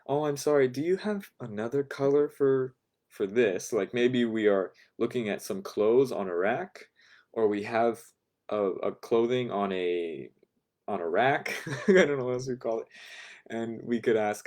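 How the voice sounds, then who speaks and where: A man teaching a beginner language class, calmly repeating phrases for learners to follow. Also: mid-range voice, measured pace.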